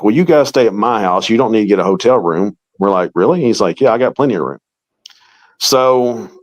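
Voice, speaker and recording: A man's voice: fairly low pitch, low-quality recording. A middle-aged man, a paranormal investigator, telling a long story in an interview and acting out the quoted dialogue.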